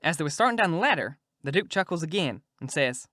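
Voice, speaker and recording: A man's voice: fairly high pitch, sing-song, quick pace, sharp tone, no room sound. A male audiobook narrator reading a first-person story in a folksy way, close to the mic.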